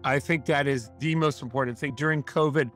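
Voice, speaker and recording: A man's voice: mid-range voice, fairly even intonation, fairly quick, a bit bright, faint music behind. A man in his fifties hosting a podcast, upbeat and enthusiastic in casual interview chat, laughing often. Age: 50s. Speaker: podcast host.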